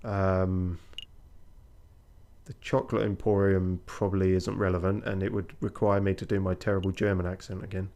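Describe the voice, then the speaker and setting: A man's voice: low voice, flat delivery, normal speed, warm tone. A man streaming a game, chatting casually and rambling, with self-mocking remarks and casual swearing. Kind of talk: casual let's play commentary.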